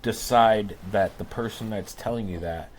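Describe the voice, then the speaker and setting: A man's voice: fairly low pitch, normal speed, a little hiss or hum. A man co-hosting a podcast, talking earnestly and emphatically in a candid conversation. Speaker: podcast co-host.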